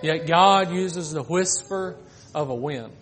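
A man preaching a sermon, moving between raised pleading lines and soft, slowed phrases, with casual asides. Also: fairly high pitch, background noise. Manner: swings from loud pleading to hushed, drawn-out phrases.

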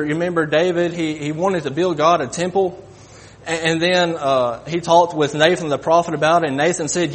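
A man preaching a sermon, halting and folksy, often repeating his words. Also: fairly high pitch.

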